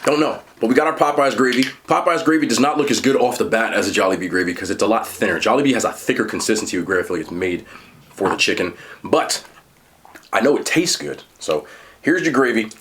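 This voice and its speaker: A man talking casually while eating and reviewing fast food, chatty and animated, pausing to chew. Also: fairly low pitch, slight background noise.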